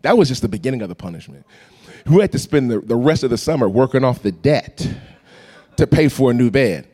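A man preaching a storytelling sermon, animated and acting out voices and sounds. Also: mid-range voice, fairly quick, slightly rough. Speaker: pastor.

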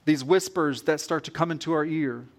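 A male pastor preaches with animated energy and often repeats his phrases to drive a point home. His voice sits a little higher than most men's. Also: normal speed. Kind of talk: sermon.

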